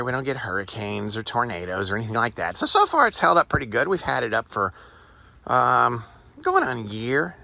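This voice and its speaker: A man's voice: medium pitch, vocal fry, sharp tone. A man giving a rambling, folksy walk-through of his backyard rabbit cages, thinking aloud as he goes. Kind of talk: casual walk-through vlog. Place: outdoor tent beside rabbit cages.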